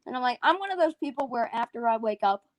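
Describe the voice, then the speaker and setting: A woman's voice: fairly high pitch, lively intonation, fast, no echo, poor audio. Tired rambling woman on a livestream. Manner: rambling, restarts a lot. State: tired, yawning. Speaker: livestream co-host. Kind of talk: casual stream chat.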